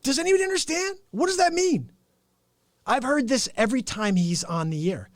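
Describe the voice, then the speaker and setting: A man hosting his show with an improvised, rambling comic rant, mock-indignant and animated. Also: extremely high pitch, fairly quick, no echo, studio quality. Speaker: host.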